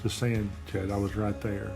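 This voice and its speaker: A man with a fairly low voice gives an earnest personal testimony straight to a camera. He speaks with feeling and often repeats himself. Music plays clearly behind him. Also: little pitch movement, normal speed. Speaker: churchgoer giving a testimony.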